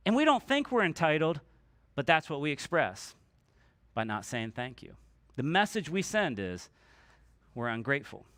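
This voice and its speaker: A man's voice: fairly high pitch, very animated, normal speed, long pauses, fairly bright tone, no room sound. A man preaching a sermon as pastor, in a conversational way, acting out quoted voices and having the congregation repeat lines after him. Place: church sanctuary.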